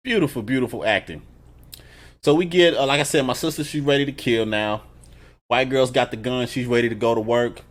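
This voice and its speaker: Man, casual reaction review, animated, profane, laughing asides. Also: mid-range voice, brisk. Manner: laughs between remarks. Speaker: TV episode reviewer.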